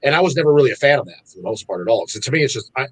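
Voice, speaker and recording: A man guesting on a podcast from a record label, chatting casually in an animated, profane way and acting out his own reactions. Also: medium pitch, racing, husky. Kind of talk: casual chat.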